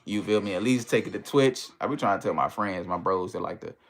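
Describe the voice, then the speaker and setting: A man hosting a casual livestream in a relaxed, easygoing way, reading viewer comments aloud and greeting them. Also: low voice, brisk, vocal fry, faint music behind. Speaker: livestream host.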